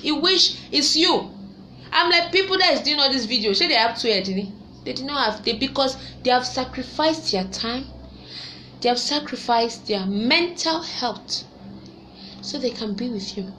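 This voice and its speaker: A young woman with a Nigerian accent, talking in a lively, preachy, laughing way. Her voice is bright and fairly high, with a faint hiss of room sound underneath. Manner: animated, preachy, laughing, pidgin-laced. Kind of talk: casual chat commentary.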